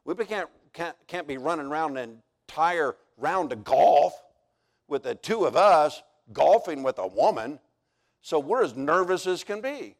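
A man preaching at a camp service, telling folksy stories that build to near-shouts. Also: on the high side, animated, unhurried. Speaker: pastor. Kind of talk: storytelling sermon.

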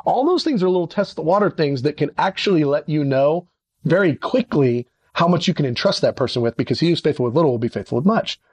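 A man's voice: fast, husky, no room sound. A middle-aged man, a ministry leader, giving a conversational leadership teaching and acting out little dialogues. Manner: animated, acts out little dialogues with sudden pitch jumps.

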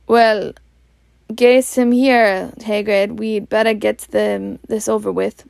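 A woman voicing an elderly male wizard, calm and wise, speaking quietly in a measured, gentle Scottish accent. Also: medium pitch, gravelly, dry recording.

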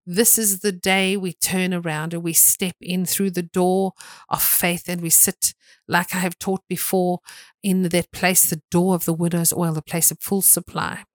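A woman's voice: lowish voice, little pitch movement, a little slow, no echo, studio quality. A woman preaching a sermon, emphatic and repetitive, with sudden dramatic bursts.

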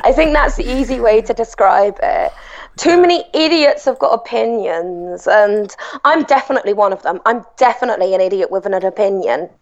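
A woman's voice: medium pitch, a little fast, lo-fi sound. A woman speaking bluntly as a guest in a casual interview, swearing freely, over a call. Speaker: guest blogger.

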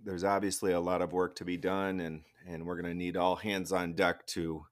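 A man hosting an interview, asking measured, thoughtful questions. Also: sits low, level tone. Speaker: podcast host, interviewer. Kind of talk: interview conversation.

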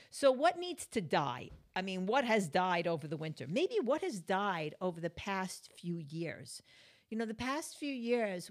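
A middle-aged woman talks through spiritual self-help in a loose, chatty way. She tells her stories animatedly, acting out her own bursts of anger. Her voice sits at an ordinary middle pitch for a woman. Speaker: vlogger giving life advice.

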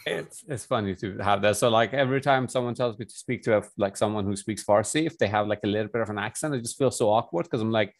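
A man's voice: on the low side, quick pace, few pauses, dry recording. A young man from Iran chatting casually, rambling and joking, often breaking off mid-sentence. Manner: rambling, self-interrupting, joking. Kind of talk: casual chat.

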